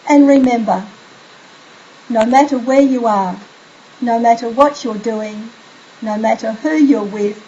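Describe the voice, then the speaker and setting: A middle-aged woman parenting coach giving bedtime tips in a gentle, soothing way. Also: on the high side, measured pace, pauses often, breathy edge, highs cut off. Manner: soothing, demonstrates soft bedtime phrases. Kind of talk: instructional talk to camera.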